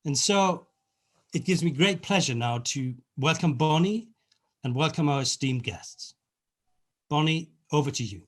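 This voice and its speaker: Casting: male event host, formal and measured, reads a scripted intro. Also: on the high side, lively intonation.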